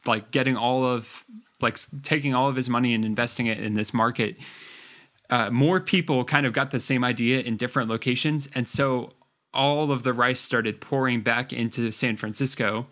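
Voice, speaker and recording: A man's voice: mid-range voice, normal speed, a bit bright. A man co-hosting a podcast, telling a history story in a casual, rambling way with many fillers. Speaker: podcast co-host presenting the story.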